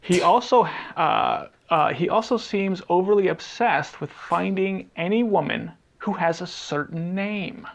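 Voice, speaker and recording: A man co-hosting a relaxed podcast game, his voice full of gravelly fry. He rambles and thinks aloud, trailing off while he hunts for names he can't quite recall. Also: high voice, measured pace, few pauses. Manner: rambling, searches aloud for half-remembered titles. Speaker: podcast co-host. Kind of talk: casual podcast chat, movie game.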